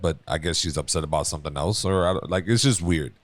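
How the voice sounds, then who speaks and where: A man's voice: deep voice, fast talker, no echo. A man co-hosting a podcast in casual chat, telling stories and acting out quoted lines. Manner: animated storyteller, acts out quotes. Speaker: podcast co-host.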